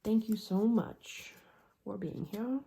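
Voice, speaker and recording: A woman giving a pick-a-card tarot reading, musing slowly and trailing off into soft murmurs as she works through the cards. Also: medium pitch, steady tone, creaky.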